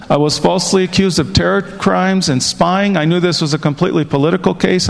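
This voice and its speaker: A man pastor giving an emotional testimony speech, slow and emphatic. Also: on the high side, vocal fry. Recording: speech echoing in a large hall.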